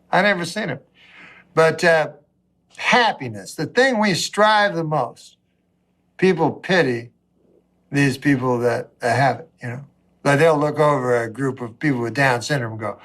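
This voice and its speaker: A male comedian with a fairly high voice spins a long story in a dry, deadpan way. He stalls on fillers, circles back and lets the pauses sit. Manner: deadpan, halting, full of fillers and asides. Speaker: comedian, talk show guest. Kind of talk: rambling anecdotal storytelling.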